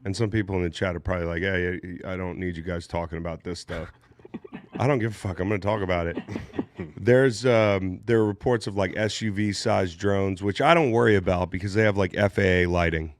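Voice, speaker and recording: A man hosting a casual studio chat, animated and joking, swearing freely. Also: deep voice, fairly quick, no room sound. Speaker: podcast host.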